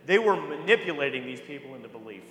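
A man's voice: mid-range voice, big pitch swings, fast, bright, forceful tone. A man teaching a Bible study class, reading scripture aloud and putting questions to the group. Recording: echoey hall.

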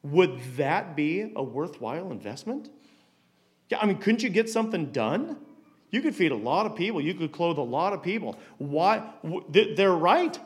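A man's voice: a little high, sing-song, normal speed. A man giving a conversational Bible teaching, stumbling and repeating words as he asks rhetorical questions.

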